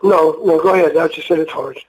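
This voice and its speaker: A man's voice: on the high side, fairly even intonation, a little fast, poor audio. An older man, a retired wrestler, telling rambling, profane, emotional stories in a casual interview. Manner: rambling, profane, emotional storyteller who acts out voices.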